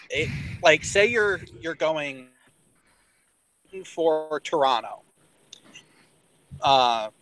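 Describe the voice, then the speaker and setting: Man on a group call, talks slow, stops and restarts a lot. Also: a little high, a bit bright, dry recording, rough recording. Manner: halting, restarts while explaining. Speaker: guest who worked on aircraft. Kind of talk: casual online group chat. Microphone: computer mic on a video call.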